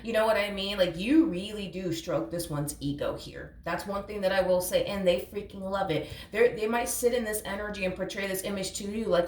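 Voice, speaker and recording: A woman's voice: medium pitch, moderate pace, recorded from a distance. A woman giving a casual tarot reading to camera, blunt and emphatic. She repeats her points and calls the listener honey. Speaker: tarot reader. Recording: roomy echo, away from the mic.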